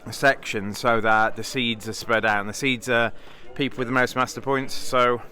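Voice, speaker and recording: Bright-voiced British man vlogging. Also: mid-range voice, steady tone, normal speed. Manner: rambling, thinks aloud with many fillers and restarts. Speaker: vlogger, bridge player. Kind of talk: casual vlog chat.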